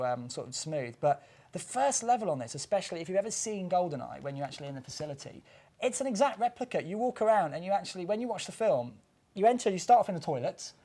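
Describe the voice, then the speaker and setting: A man co-hosting a TV gaming show, jokey and excitable as he shows off old consoles. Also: sits high, quick pace. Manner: excitable and jokey, laughs often. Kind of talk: enthusiastic studio banter.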